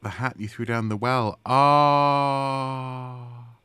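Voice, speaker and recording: Excitable man streaming a game. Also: deep voice, measured pace, no room sound. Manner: excitable, talks to the game characters. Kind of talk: casual gameplay commentary.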